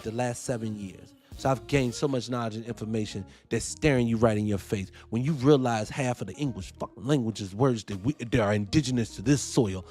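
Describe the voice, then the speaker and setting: A man hosting casual reaction commentary, animated and profane, firing off rhetorical questions. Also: mid-range voice. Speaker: host.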